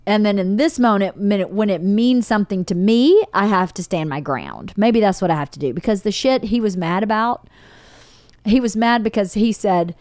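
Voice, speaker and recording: A woman's voice: mid-range voice, normal speed, dry recording, studio quality. A woman hosting a podcast in casual chat, telling stories animatedly and acting out the dialogue she quotes. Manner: animated storyteller who acts out quoted dialogue. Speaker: podcast host.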